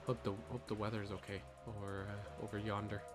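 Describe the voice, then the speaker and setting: A man's voice: lowish voice, little pitch movement, a little fast, over music. A man streaming a video game, chatting casually with viewers and joking along.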